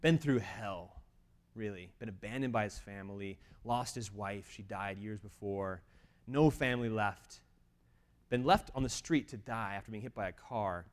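A man telling a faith testimony as an animated story with self-deprecating humor, swinging between loud exclamations and quiet asides. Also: lowish voice, moderate pace. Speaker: speaker sharing a mission testimony. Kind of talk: storytelling talk.

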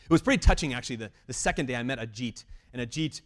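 A man telling a faith testimony as an animated story with self-deprecating humor, swinging between loud exclamations and quiet asides. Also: mid-range voice, racing. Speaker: speaker sharing a mission testimony. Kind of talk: storytelling talk.

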